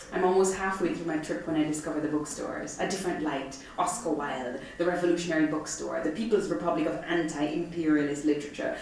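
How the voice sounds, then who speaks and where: A middle-aged woman reading from her memoir to a live audience, expressive and profane with comic timing. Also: sits low. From Jamaica. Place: arts center event hall, audience present. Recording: echoey hall from far off, faint noise.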